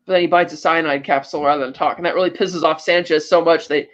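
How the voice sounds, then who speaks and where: A man's voice: a little high, fast, lo-fi sound. A man hosting a podcast, chatting casually as he recaps a film scene by scene and acts out the characters' lines. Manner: animated storytelling, acting out lines of dialogue. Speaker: podcast host.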